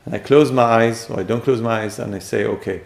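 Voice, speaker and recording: Man, gravelly voice, echoey room, lecture on relationships. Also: on the low side, a little fast. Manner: acts out quoted speakers with sudden loud jumps. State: voice a bit strained. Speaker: teacher.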